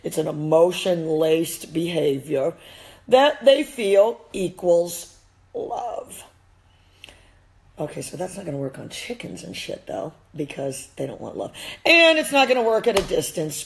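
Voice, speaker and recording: A woman's voice: mid-range voice, low-quality recording. A woman with a Midwestern accent, an e-collar dog trainer giving a blunt, emphatic live-stream rant and swearing freely. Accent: Midwestern American.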